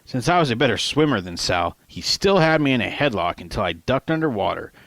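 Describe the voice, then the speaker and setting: A man's voice: mid-range voice, big pitch swings, brisk, vocal fry, fairly bright tone, dry recording. A man reading his own novel aloud as an audiobook, in a casual, conversational manner with slang. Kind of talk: audiobook narration.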